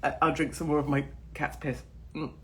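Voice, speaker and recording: A woman's voice: sits low, little pitch movement, fairly quick, fairly bright tone. A woman in her forties with an English accent, ranting to camera in a blunt, profane and mocking casual monologue. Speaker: channel host. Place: in Miami.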